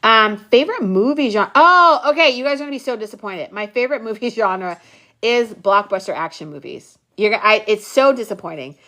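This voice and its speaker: A young adult woman hosting a live class, chatting playfully and teasing viewers in a casual, animated way. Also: on the high side, brisk. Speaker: class host.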